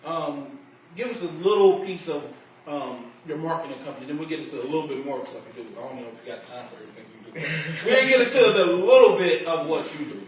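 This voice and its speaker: Male host, high bright voice, loose joking banter, laughs a lot; recorded in an echoey shop from far off with faint noise. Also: quick pace. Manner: laughs often, joking and rambling. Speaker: show host. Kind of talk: casual banter. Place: barbershop. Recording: echoey room from a distant mic, faint noise.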